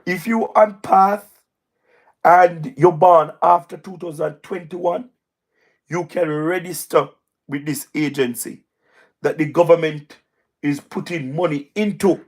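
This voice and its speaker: A man with a Jamaican accent giving emphatic, repetitive political commentary on a livestream, his voice going hoarse. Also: fairly high pitch, takes it slowly. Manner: repetitive, emphatic, speaks in patois. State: hoarse, voice wearing out. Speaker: livestream host. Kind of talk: live-stream political commentary.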